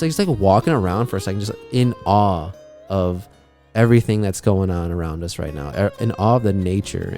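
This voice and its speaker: A man's voice: lowish voice, warm tone. A young man hosting a podcast, rambling through a travel story in a laid-back, profane way, with plenty of fillers. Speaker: podcast host. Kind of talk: casual travel story chat.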